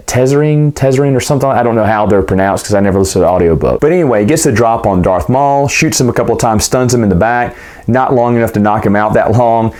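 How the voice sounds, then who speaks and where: A man talking through a book he just reread, in a loose and rambling way. He restarts sentences often and hedges as he goes. His pitch sits in an ordinary middle range for a man. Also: darkish tone. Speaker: book reviewer. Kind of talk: casual book recap vlog.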